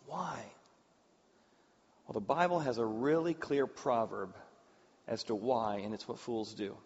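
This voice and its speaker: Animated pastor preaching in a reverberant hall. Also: male voice, mid-range voice, a little slow, slightly rough. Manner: animated storytelling with acted-out voices. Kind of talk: sermon. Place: church hall with audience. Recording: dull sound, long hall reverb.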